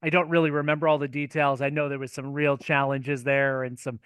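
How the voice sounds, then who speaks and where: A man interviewing a guest over a call, courteous and deferential, speaking in a measured way. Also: medium pitch, little pitch movement, fairly bright tone, smooth, no room sound. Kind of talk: polite interview talk.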